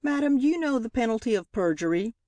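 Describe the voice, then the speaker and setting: A woman's voice: on the high side, lively intonation, fast, dark tone, no echo, pitched above the performer's own voice, natural voice. A woman reading as a relentless male trial lawyer. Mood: sharp, pressing. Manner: pointed, cross-examining, cutting. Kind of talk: audiobook character reading.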